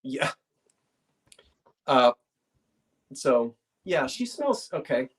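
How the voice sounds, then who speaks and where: A woman's voice: sits low, expressive, a little slow. A woman hosting a live online sale, describing an item in casual, rambling chat full of asides.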